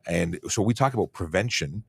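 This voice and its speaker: A man with a deep voice co-hosts a relaxed livestream chat. The sound is dry and close, and he talks haltingly, repeating words as he gets going. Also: creaky, husky, no room sound.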